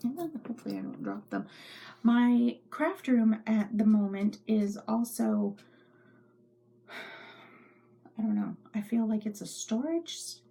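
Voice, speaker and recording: Slow husky woman with creaky voice. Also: a little high, mellow. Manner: rambling, chatty, drops into whispers. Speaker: knitting podcast host. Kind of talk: casual show-and-tell chat. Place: home craft room.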